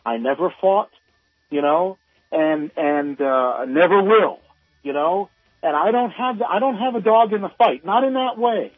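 Guy calling in to talk radio, kinda husky, keeps restarting, sounds tinny over the phone. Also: sits high, dry recording. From northern United States. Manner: halting, many restarts, heated. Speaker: caller. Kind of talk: call-in radio comment.

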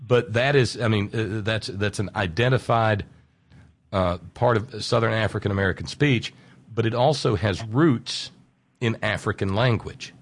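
Low-voiced man explaining at length. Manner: explanatory, drawn-out emphasis on key words. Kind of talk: casual radio conversation.

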